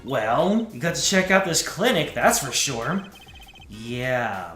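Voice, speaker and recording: A man's voice: fairly high pitch, sing-song, slow pace, sharp tone, reverberant, soft background music. Playful man streaming a game. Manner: playful, joking. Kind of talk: let's play commentary, reading dialogue aloud.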